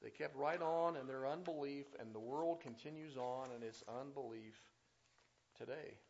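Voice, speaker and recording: A man's voice: mid-range voice, normal speed, darkish tone. A man preaching a sermon who reads scripture aloud and then comments on it with rising intensity. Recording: slightly dull, lo-fi sound.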